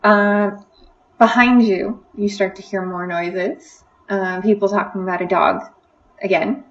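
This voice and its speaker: A woman narrating a tabletop game as dungeon master, often pausing with "um". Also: mid-range voice, steady tone, distant mic. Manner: hesitant, many ums. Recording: dull lo-fi audio.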